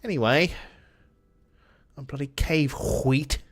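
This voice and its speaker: A male game streamer talks in a put-on British accent, cursing casually and answering his chat as he plays. His voice sits a little high for a man. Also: takes it slowly. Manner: chatty, swears often, answers chat while playing. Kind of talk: casual gameplay commentary.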